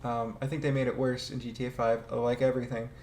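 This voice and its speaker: A man with a medium-pitched, slightly mellow voice talks quickly in a flat way while casually ranking game vehicles. He rambles and hesitates, laughs a lot, and swears now and then. The room is echoey, with faint background noise.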